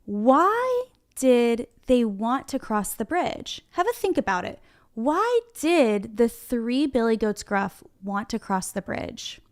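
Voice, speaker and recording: Kindergarten teacher, high and bright-voiced, clear, encouraging, talks right to the kids from her classroom. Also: sing-song, takes it slowly. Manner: encouraging, talks straight to the children. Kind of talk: online reading lesson for young children.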